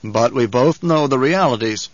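A man's voice: mid-range voice, lively intonation, moderate pace, dry recording, muffled recording, close to an everyday voice. A man voicing a confident nobleman in an audiobook, firm and probing in how he talks. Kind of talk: audiobook character reading.

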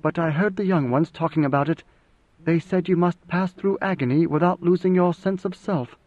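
A man's voice: a little high, normal speed, darkish tone, no room sound, lo-fi sound, pitched above the performer's own voice, natural voice. A man reading a young woman's lines in a slightly raised voice, earnest and restrained.

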